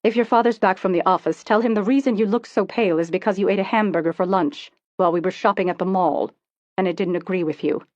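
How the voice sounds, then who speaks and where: A woman's voice: mid-range voice, fast talker, a little mellow, no room sound, close to an everyday voice. A woman voicing a cold, disapproving middle-aged mother who speaks curtly, on a dull, lo-fi recording. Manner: curt, scolding.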